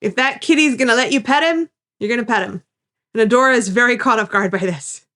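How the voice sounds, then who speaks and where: A woman's voice: fairly high pitch, fairly quick, bright, forceful tone. A woman co-hosting a podcast, recapping an episode in casual chat and acting out the characters' lines with enthusiasm. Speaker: podcast co-host.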